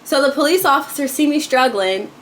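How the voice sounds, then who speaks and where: A woman with a slightly high voice recounts a story straight to her viewers, chatty and dramatic. She calls them y'all and swings from loud exclamations down to hushed asides. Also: expressive, fairly quick, slight background noise. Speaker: vlogger. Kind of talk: casual storytime vlog.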